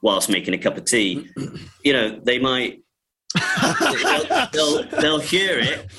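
A man's voice: medium pitch, wildly swooping pitch, slow pace, heavy background noise. A man, a film director chatting in an interview, laughing often and restarting his sentences. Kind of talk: casual interview talk.

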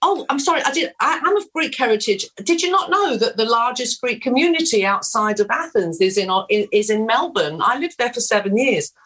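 A woman's voice: a little high, expressive, a little fast, few pauses, fairly bright tone, husky, voice pushed up. A woman voicing her younger self faking an Australian accent, overeager and bluffing her way through.

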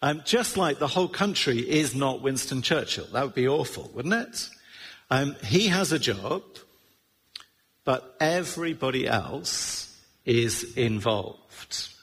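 Husky preacher in a reverberant hall. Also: male voice, medium pitch, animated, slow pace, a bit bright. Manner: conversational, with wry asides and many fillers. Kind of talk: sermon. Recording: long reverb of a large hall.

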